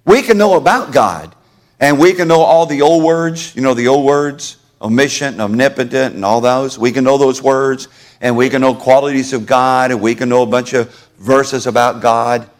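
A man's voice: medium pitch, moderate pace. A man preaching a sermon to his congregation in a church, folksy and conversational, calling on listeners by name. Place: church sanctuary.

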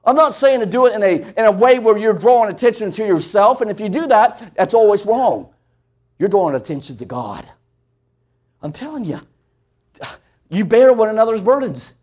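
Preacher, male, high-pitched, impassioned sermon that drops to near-whispers. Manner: impassioned preaching that swings from loud to hushed.

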